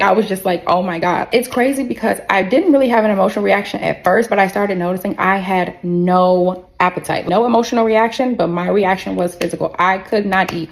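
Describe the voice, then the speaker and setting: A woman telling her own story to viewers in a blunt, candid way, cursing freely and calling the audience y'all. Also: medium pitch.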